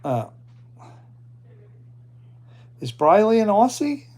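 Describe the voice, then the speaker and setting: A man's voice: sits high, very animated, normal speed, darkish tone. A man hosting a casual livestream, chatting loosely with his viewers and an AI assistant. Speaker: livestream host.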